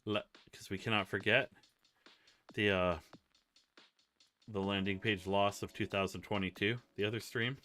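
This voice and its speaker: A man hosting a casual livestream, rambling and telling stories with quick voice impressions. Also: deep voice, sharp tone. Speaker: livestream host.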